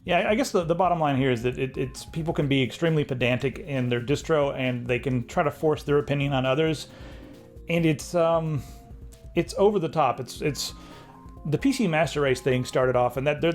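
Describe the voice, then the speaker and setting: A man's voice: mid-range voice, brisk, faint music behind. A man co-hosting a casual tech discussion, ranting and critical, with frequent restarts. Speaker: co-host.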